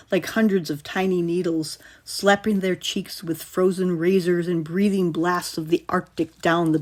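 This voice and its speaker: A woman author reading her own horror story aloud in measured, suspenseful narration. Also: lowish voice, a little mellow.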